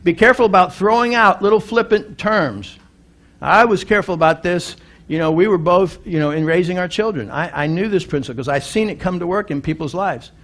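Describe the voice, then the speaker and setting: A man's voice: high-pitched, brisk, a bit bright. A middle-aged male pastor preaching a sermon, telling a story earnestly and building to emphatic appeals, often restarting and repeating words.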